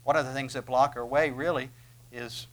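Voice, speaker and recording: A man's voice: mid-range voice, fairly even intonation, moderate pace. A man preaching a sermon in a conversational way, asking his listeners questions and acting out voices when he quotes.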